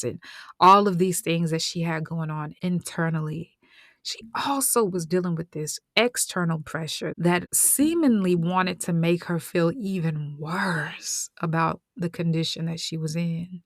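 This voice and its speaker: A woman's voice: fairly low pitch, a little slow, dry recording, clean studio sound. A woman retelling a story in a conversational, slangy way with whispered asides.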